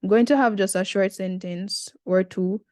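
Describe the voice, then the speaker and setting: A woman's voice: medium pitch, steady tone, normal speed, darkish tone, no room sound, clean studio sound. A Jamaican woman in her twenties, talking through an essay in a casual, chatty tutorial with slangy asides. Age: 20s.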